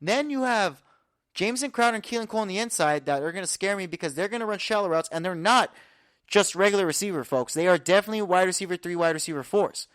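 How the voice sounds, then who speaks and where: A man hosting a podcast, giving an energetic, confident sports breakdown full of statistics. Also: sits high, quick pace, clear, resonant tone, no echo, studio quality. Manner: energetic, confident, stat-heavy rundown. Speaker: podcast host. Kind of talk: casual sports analysis talk.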